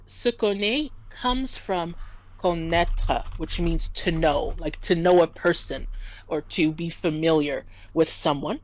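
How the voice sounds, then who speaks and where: A woman's voice: fairly low pitch, no room sound, poor audio. Patient woman tutoring French, dry sound. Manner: patient, explains and spells out words. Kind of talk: casual language lesson.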